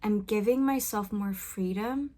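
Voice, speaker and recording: A woman's voice: mid-range voice, measured pace, dark tone. A woman musician talking reflectively in a personal vlog, hesitant and searching for her words, recorded on a studio mic in a home vocal booth. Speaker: musician and video creator. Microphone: studio condenser mic with pop filter.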